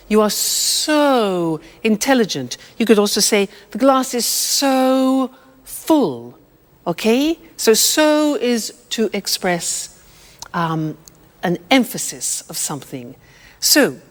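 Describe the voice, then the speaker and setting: A woman teaching English vocabulary slowly and clearly, explaining step by step with examples. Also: medium pitch, long reverb tail. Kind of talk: slow, clear language lesson.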